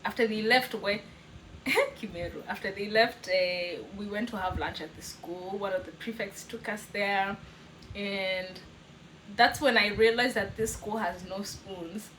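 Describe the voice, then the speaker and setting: A young woman with a Kenyan accent telling a story in a casual vlog, animated, laughing often and slipping in Swahili words. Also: mid-range voice, takes it slowly, a little hiss or hum, rough recording. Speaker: vlogger.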